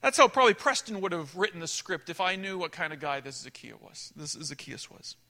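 A man preaching a sermon, telling a story with animated delivery that swings between emphatic and hushed. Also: a little high, brisk, creaky.

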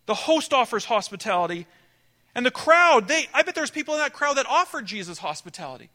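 A man preaching a sermon, telling a story with animated delivery that swings between emphatic and hushed. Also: extremely high pitch, a little fast.

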